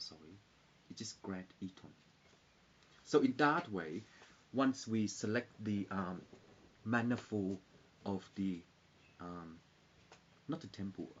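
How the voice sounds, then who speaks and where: A man rambling in a loose, halting live-stream chat with viewers, full of fillers and restarts. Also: lowish voice, slight background noise. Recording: dull lo-fi recording.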